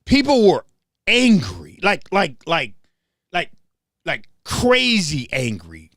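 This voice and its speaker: A man's voice: fairly high pitch, huge pitch swings, slow pace, fairly bright tone, no room sound, clean studio sound. A man hosting his show, talking in a casual commentary monologue, emphatic and repeating phrases as he restarts them. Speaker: show host.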